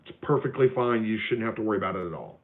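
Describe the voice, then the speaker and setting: A man's voice: on the low side, expressive, quick pace. A man hosting a live stream, chatting casually as he answers viewer questions, with lots of fillers and restarts. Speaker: homestead livestream host. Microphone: phone. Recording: tinny phone audio.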